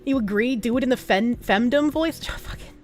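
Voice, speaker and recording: A woman streamer chats casually with her viewers, swearing a lot, rambling off on tangents and interrupting herself. Her voice is a little high and her pace normal, with music playing in the background.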